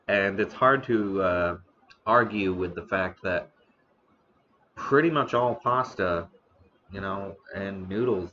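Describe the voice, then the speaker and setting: A man hosting a casual live stream about the history of noodles, talking slowly with many fillers and restarts, eating now and then. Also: sits low, sharp tone, lo-fi sound, slight background noise. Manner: eating on stream between remarks. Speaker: streamer host.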